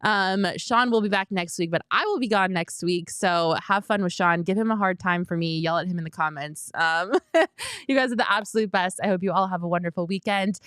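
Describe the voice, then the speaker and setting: A young woman hosting a sports talk show, chatting casually and upbeat, quick to laugh. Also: medium pitch, fairly bright tone, clean tone, no echo, clean studio sound. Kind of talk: casual solo sports chat.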